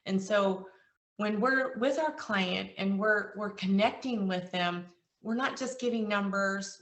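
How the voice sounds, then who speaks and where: A woman trainer talks to her agents with earnest feeling, her voice at an ordinary middle pitch. She sits back from the microphone, so the room's echo rings around every word. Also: distant mic. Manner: earnest, emotional, retells calls with quoted dialogue. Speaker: insurance agency trainer. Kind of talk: motivational sales training talk. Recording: echoey room, voice from off-mic.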